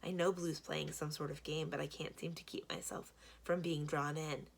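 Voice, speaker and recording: A woman, a children's librarian, reading a children's book aloud in steady first-person storytelling. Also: low voice, moderate pace, creaky, slight background noise.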